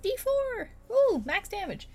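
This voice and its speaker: A woman playing a tabletop game, talking in a chatty, lively way. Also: very high voice, measured pace. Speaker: player. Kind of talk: casual tabletop game play.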